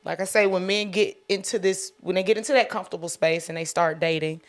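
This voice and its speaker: A woman's voice: lowish voice, fairly even intonation, quick pace. A woman co-hosting a podcast in candid, profane casual chat, laughing often. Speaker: podcast co-host. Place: podcast studio.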